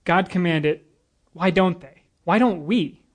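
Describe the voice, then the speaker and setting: A man's voice: high voice, takes it slowly. A man preaching a sermon to a congregation, earnest and a little nervous, with casual asides and jokes between the scripture readings. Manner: earnest, nervous but lively, with asides and humor. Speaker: guest preacher.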